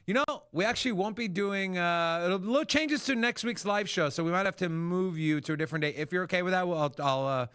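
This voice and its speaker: A man hosting a crypto livestream, talking casually and excitably, swearing freely. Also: high-pitched, fast talker, few pauses, clear, resonant tone, no room sound. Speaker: crypto show host. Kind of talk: livestream market commentary.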